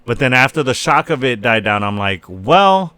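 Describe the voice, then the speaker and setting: Profane animated male podcast host. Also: medium pitch, moderate pace, smooth, no echo. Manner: animated, profane, acts out scenes in quoted voices. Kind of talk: casual chat.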